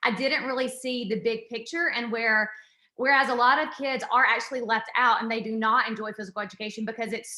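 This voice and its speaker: A woman in her thirties talks quickly and eagerly as she presents a university program. Her voice is bright and forceful, sitting a little high. It echoes around a roomy space. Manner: fast, excited and chatty. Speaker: assistant professor.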